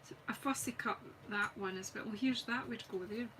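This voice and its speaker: A woman's voice: fairly high pitch, a little fast, pushed and bright, slight background noise, rough recording. A Scottish woman chatting casually and thinking aloud as she demonstrates card making on a live stream. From Scotland. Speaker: craft demonstrator. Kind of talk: live craft stream chat.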